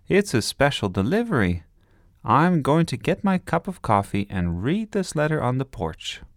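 A gentle older lady, as a man puts her on speaks politely and a little primly. Her voice rises and lilts, and the storybook sound is close and dry. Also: medium pitch, very animated, moderate pace, no room sound, voice pushed up. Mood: kindly. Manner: polite, kindly, slightly prim. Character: gentle, genteel older woman neighbor. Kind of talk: storybook reading.

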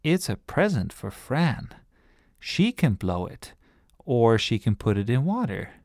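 A man's voice: mid-range voice, sing-song, a little slow, darkish tone, dry recording, clean studio sound. A man reading a storybook aloud and voicing a curious, chatty young girl who is pleased with her own cleverness. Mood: eager.

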